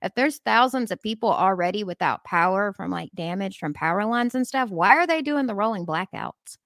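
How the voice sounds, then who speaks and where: A woman's voice: mid-range voice, lively intonation, normal speed, fairly bright tone, dry recording, clean studio sound. A congested woman from Memphis, chatting casually and explaining at length. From Memphis, southern US. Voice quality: nasal from congestion. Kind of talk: casual chat.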